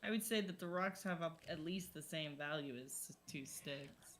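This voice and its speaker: Low-pitched woman tabletop player; dry, matter-of-fact delivery. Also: moderate pace, a bit bright. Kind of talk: casual tabletop banter.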